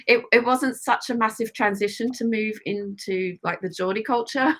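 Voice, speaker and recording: A woman's voice: fairly high pitch, normal speed, fairly bright tone. An Australian woman being interviewed as a guest, talking casually and laughing often between phrases. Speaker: guest, club photographer.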